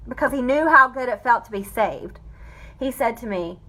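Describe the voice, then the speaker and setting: A woman's voice: fairly high pitch, lively intonation, fairly quick, bright, forceful tone. A woman giving an emotional personal testimony, fighting back tears as she speaks. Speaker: vlogger telling a family story.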